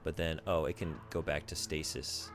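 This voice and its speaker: A man's voice: rumbling low, flat delivery, moderate pace, over music. A man streaming a video game in casual chat, thinking aloud, rambling and answering his viewers as he plays.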